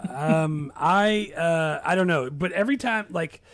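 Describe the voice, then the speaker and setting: A man co-hosting a casual movie review podcast, excited and acting out quotes from scenes. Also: fairly high pitch, unhurried, dry recording, studio quality. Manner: animated, quotes scenes in put-on voices. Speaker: podcast co-host.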